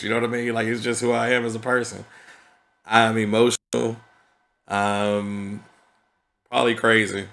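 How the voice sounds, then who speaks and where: A man with a low, bright and forceful voice talks through his thoughts in a casual vlog. He is earnest and conversational and keeps checking in with his listeners. His speech has a flavor. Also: level tone, normal speed, gravelly, long pauses. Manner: earnest and conversational, peppered with "you know what I mean". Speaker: vlogger. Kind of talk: reflective casual vlog talk.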